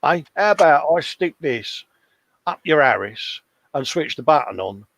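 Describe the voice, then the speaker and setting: A man's voice: on the high side, lively intonation, a little slow, gravelly, a bit bright, no echo, lo-fi sound, heavily acted. A man voicing Yoda as a swaggering, menacing tough guy with a Cockney accent. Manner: taunting, swaggering threats.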